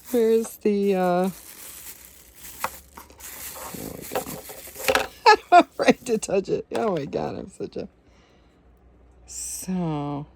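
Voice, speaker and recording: Giggly woman vlogger, lively voice. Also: mid-range voice, extremely slow, creaky, long pauses, a little hiss or hum. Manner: giggly, exclaims often, coos at her dog. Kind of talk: casual vlog talk.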